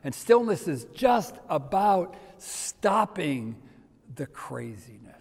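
A man's voice: fairly high pitch, very animated, takes it slowly, gravelly. Older male pastor preaching in a reverberant hall. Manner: conversational, dropping to soft near-whispers for emphasis. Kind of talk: sermon.

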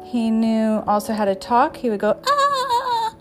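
A woman with a fairly high voice hosts an episode, rambling chattily through her stories. She chuckles along as she goes. Soft music plays faintly behind her. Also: steady tone, normal speed. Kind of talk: casual storytelling.

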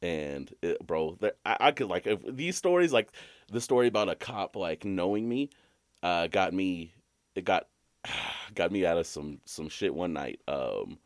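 A young man co-hosting a podcast, telling a long, rambling story full of swearing, and jumping to a high voice when he quotes himself. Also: very animated, unhurried, no echo, studio quality. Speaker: podcast co-host. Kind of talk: casual storytelling chat.

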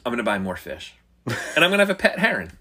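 A man's voice: medium pitch, huge pitch swings, racing, sharp tone, slight background noise. A middle-aged man telling stories in casual banter, swearing constantly and acting out his own reactions.

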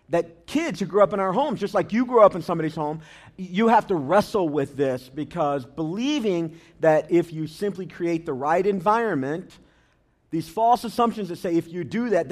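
A male pastor preaching in a relaxed, conversational way, mixing teaching with humorous anecdotes. His voice sits a little higher than most men's. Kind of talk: sermon.

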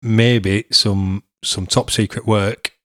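A man's voice: on the low side, steady tone, slow, a bit bright, dry recording, studio quality. A middle-aged man, hosting a podcast and chatting casually with his son, laughing often. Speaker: podcast host.

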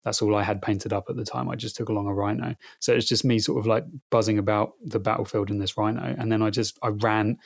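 A man's voice: fairly low pitch, fairly bright tone, dry recording, clean studio sound. A man in his thirties, a podcast guest chatting casually, often stalling and repeating words while he gathers his thoughts. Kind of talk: casual conversation.

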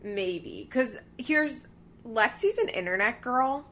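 A woman's voice: a little high, lively intonation, slow pace, fairly bright tone. A young woman hosting a podcast, chatting casually and animatedly about a reality show, with lots of "like". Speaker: podcast host. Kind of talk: casual chat.

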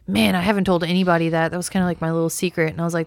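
A woman's voice: lowish voice, level tone, very fast, few pauses, no room sound, studio quality. A woman in her thirties chatting casually, blunt and talkative, swearing freely. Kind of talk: casual chat.

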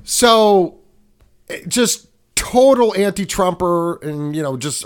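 A man co-hosting a podcast, telling an animated bar story and acting out both sides of the argument, swearing freely. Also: high-pitched, slow pace, clean tone. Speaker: podcast co-host. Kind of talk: casual storytelling chat.

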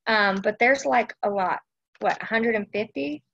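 A woman's voice: fairly high pitch, moderate pace, gravelly, a bit bright, muffled recording. A woman from Texas, hosting a casual devotional live stream chat and often checking in with her listeners. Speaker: host of a faith chat.

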